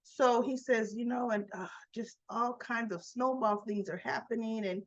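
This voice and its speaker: A woman's voice: a little high, normal speed, lo-fi sound. A woman vlogger giving a casual recap of a soap opera episode, telling it as a story and acting out the characters' lines.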